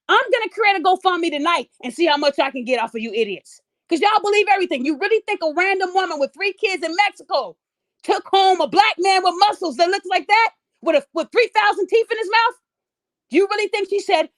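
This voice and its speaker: High-voiced woman ranting, dry sound. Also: animated, normal speed, a bit bright, no room sound. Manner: mocking, profane, incredulous; acts out quoted people in raised, sing-song voices. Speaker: podcast host. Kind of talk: heated commentary.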